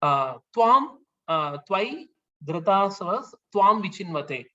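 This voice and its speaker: A man leading a scripture class, explaining the verses slowly with many fillers and restarts. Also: sits high, big pitch swings, pushed and bright. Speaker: class leader. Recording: dull lo-fi sound.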